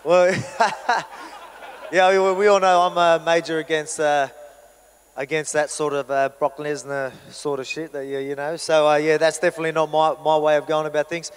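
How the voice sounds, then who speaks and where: A man with an Australian accent, a fighter answering questions at a press event in a relaxed, joking way. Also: a little high, moderate pace, big-room sound. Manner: laid-back, joking, self-deprecating. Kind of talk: casual press conference answers.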